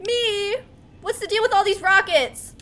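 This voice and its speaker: High, excitable woman gaming streamer. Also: unhurried, slight background noise. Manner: excitable, talks to herself, yelps. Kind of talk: casual gameplay commentary.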